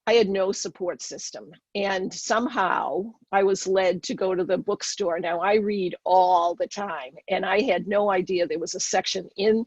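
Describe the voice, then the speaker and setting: A woman's voice: mid-range voice, steady tone, moderate pace, hardly any pauses, husky, dry recording, lo-fi sound. A middle-aged woman with a Boston accent, telling her personal story earnestly as a podcast guest.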